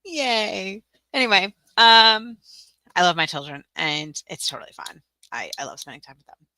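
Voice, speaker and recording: A woman's voice: mid-range voice, expressive, moderate pace, bright, forceful tone, no echo. A woman from Tennessee hosting a casual livestream tutorial, chatty and giggly, rambling with lots of fillers. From Tennessee, USA. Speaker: livestream host.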